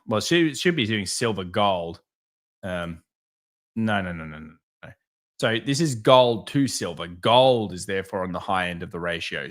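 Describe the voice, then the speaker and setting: A man giving casual live market commentary, talking over charts and answering viewer chat with candid quick asides. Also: on the low side, a bit bright. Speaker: market analyst streamer.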